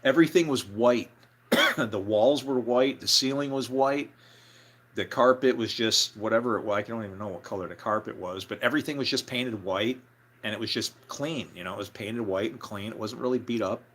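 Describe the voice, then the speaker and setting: Speaking a little fast in a medium-pitched, fairly bright voice, this storyteller, a man who used to be in a band, recounts something from his life. He rambles casually, full of fillers and restarts.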